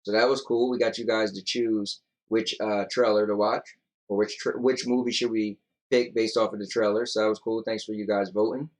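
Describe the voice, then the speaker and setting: A man's voice: on the low side, little pitch movement, moderate pace. A tired young man co-hosting a casual podcast, rambling loosely and reading out viewer comments. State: yawning, tired. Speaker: podcast co-host.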